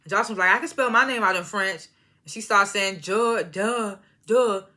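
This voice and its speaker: In a bright, forceful mid-range voice, a woman speeds through a casual recap of a reality show episode. She keeps laughing as she retells scenes and performs what the cast said in slangy, loose talk.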